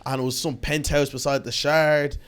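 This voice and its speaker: A man with an Irish accent, a podcast guest chatting casually and telling stories in an animated, slangy way with frequent laughter. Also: on the high side, normal speed, smooth.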